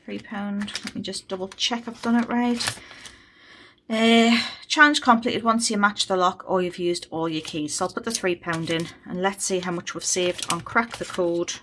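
Woman vlogging at home, counting cash out loud, noisy recording. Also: mid-range voice, moderate pace. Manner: chatty, thinking aloud, counts money out loud. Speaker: budgeting vlogger. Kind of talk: casual chat while cash stuffing.

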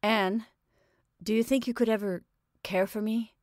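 A woman's voice: a little high, fairly even intonation, a little slow, no room sound, clean studio sound, natural voice. A woman doing a shy, earnest young man.

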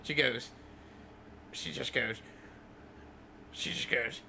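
A man's voice: mid-range voice, level tone, measured pace, long pauses, bright, forceful tone, slight background noise. A young man livestreaming, telling an exasperated, profane story about a rude customer in a casual rant full of fillers.

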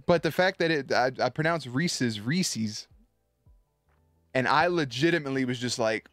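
A man's voice: mid-range voice, animated, moderate pace, a bit bright, no room sound, soft background music. Profane, chatty male streamer. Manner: loose, profane, chatty, many restarts. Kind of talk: casual live-stream chat and storytelling.

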